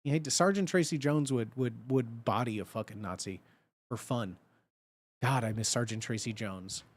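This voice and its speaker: A man's voice: mid-range voice, normal speed. A man in his thirties chatting casually on a livestream, blunt and profane, and laughing often.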